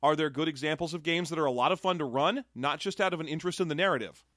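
A man co-hosting a casual podcast about tabletop games, reading out listener questions with quick, playful humor. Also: fairly bright tone, no echo, clean studio sound. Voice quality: calls his voice a soothing baritone. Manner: quick, wry, playful delivery. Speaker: podcast co-host.

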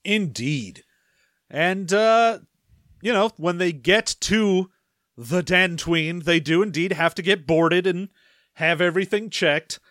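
A man's voice: sits high, fairly bright tone, no echo, studio quality. Playful, laughing male co-host. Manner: playful, quick jokes and laughs. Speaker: podcast co-host. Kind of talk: casual book-discussion chat.

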